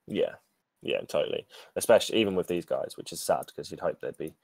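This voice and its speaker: A man's voice: low-pitched, brisk, a little mellow, husky, no echo. A man co-hosting a podcast, rambling and correcting himself as he chats about a card game. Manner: rambling, self-correcting, laughing. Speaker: podcast co-host. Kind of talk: casual card-game discussion.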